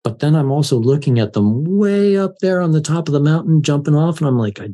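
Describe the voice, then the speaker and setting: A man guest on a podcast, telling a personal story in a lively way and acting out his own fear with laughs. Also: fairly high pitch, brisk. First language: English. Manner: animated, laughs while telling, acts out his own panic. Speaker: life coach, podcast guest. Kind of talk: conversational storytelling.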